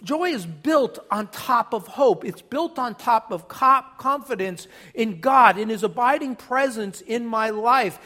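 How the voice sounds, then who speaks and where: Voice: medium pitch, fairly bright tone. A pastor preaches a sermon in a church, emphatic and direct, stressing key words and calling on the congregation to respond.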